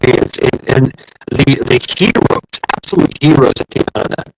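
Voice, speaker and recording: A man's voice: medium pitch, lively intonation, moderate pace, very noisy. A middle-aged man chatting casually, telling rambling stories with lots of swearing and restarts. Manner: profane, rambling storyteller with many restarts. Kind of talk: casual chat.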